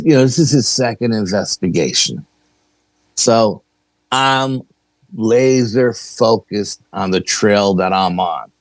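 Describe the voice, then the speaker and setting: New guy, low gravelly voice, dry close sound, tells his story animated. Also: dry recording. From New York. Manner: animated, acts out dialogue in the story. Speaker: podcast guest, paranormal investigator. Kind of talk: casual storytelling.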